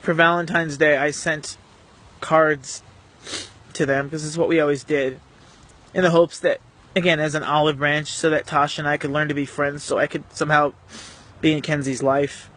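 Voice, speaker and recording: A man telling a painful personal story to the camera in an earnest, emotional, halting way. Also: on the high side, flat delivery, a bit bright. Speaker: vlogger.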